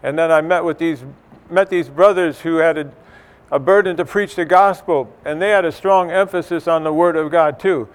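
Middle-aged male church speaker, clear resonant tone, slightly high, chatty, rambling delivery. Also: moderate pace. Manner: conversational, many fillers and restarts. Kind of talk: informal church teaching.

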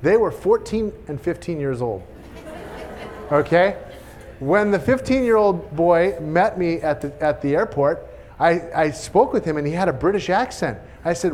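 A middle-aged man telling a lively testimony at a church meeting, laughing at his own jokes as he goes. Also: fairly high pitch, measured pace, a little hiss or hum. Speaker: church speaker sharing testimony. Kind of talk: sermon-style testimony.

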